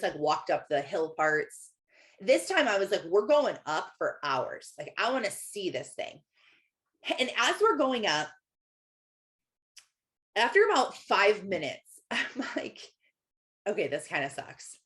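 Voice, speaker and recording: A woman's voice: fairly low pitch, fairly bright tone. A woman in her thirties, a Christian life coach, giving a faith-based motivational talk in a conversational, storytelling way.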